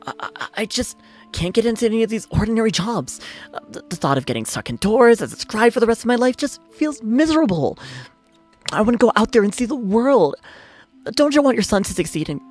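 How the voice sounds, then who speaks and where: A man's voice: high voice, very animated, a little fast, faint music behind, pitched above the performer's own voice. A man voicing a clumsy, dreamy young man in a game, stammering and flustered as he talks to his mother. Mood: pleading.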